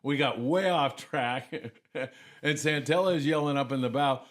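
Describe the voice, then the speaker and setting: An animated man telling stories as a podcast guest. His voice sits at a middle pitch, and his delivery is casual and lively. He chuckles often while he talks. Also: a little slow. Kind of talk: casual storytelling.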